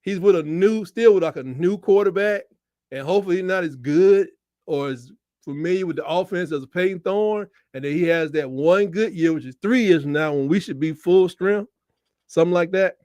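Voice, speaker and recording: Man hosting a watch-along, high voice that jumps to yelling, dry close mic. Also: normal speed, no room sound. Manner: loud, shouting at big plays, casual Southern slang. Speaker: live watch-along host. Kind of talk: excited game-watch commentary.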